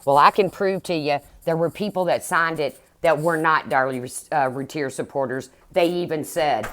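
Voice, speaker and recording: A woman's voice: on the low side, normal speed, hardly any pauses, no echo. Angry, profane woman ranting on a livestream. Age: middle-aged. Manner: blunt, profane, heated.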